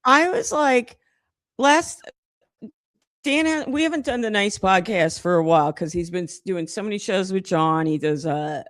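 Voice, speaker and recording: A woman's voice: mid-range voice, normal speed, dry recording, clean studio sound. A woman hosting a casual gossip chat, giggling and chatty, often drifting off track. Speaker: stream host.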